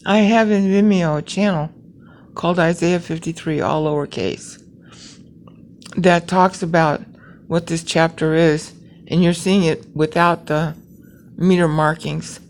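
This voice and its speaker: A woman teaching a Bible lesson from a hospital bed while ill. She explains patiently, checks in often with "okay?", and slows right down to sound out Hebrew clauses syllable by syllable. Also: fairly low pitch, steady tone, darkish tone, slight background noise. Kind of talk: recorded teaching. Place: hospital room.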